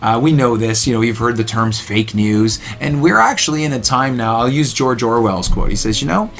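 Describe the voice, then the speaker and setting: A man's voice: medium pitch, moderate pace, vocal fry. A man co-hosting a casual chat, joking and acting out quotes in different voices. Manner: animated, teasing, acts out quotes in voices. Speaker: co-host.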